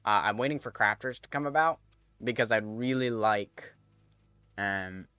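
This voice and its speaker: A man's voice: lowish voice, a little slow, pushed and bright, smooth, dry recording. A man streaming a game, chatting casually to viewers as he thinks aloud and corrects himself. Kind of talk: casual gameplay commentary.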